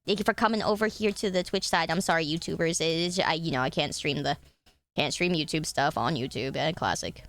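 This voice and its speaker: A young woman streamer chatting casually at her desk, swearing freely and breaking into loud joking rants. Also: deep voice, a little fast. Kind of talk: casual live-stream chat.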